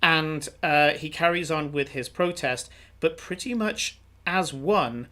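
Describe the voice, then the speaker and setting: A man's voice: on the high side, slow, bright, forceful tone. A man narrating as game master of a tabletop game, rambling with many filler sounds.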